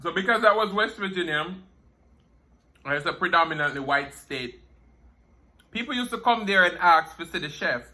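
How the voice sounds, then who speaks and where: This food vlogger, a young Jamaican-accented man, tells stories over a meal in a casual mukbang chat, laughing a lot and drifting into Patois. He speaks at a fairly high pitch with lively intonation, a moderate pace, long pauses, and a sharp tone.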